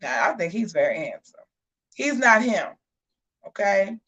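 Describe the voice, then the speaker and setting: A woman hosting a casual live show. She tells a story in a sassy, animated way and keeps calling her viewers y'all. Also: medium pitch, measured pace. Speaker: host of a live gossip and commentary show.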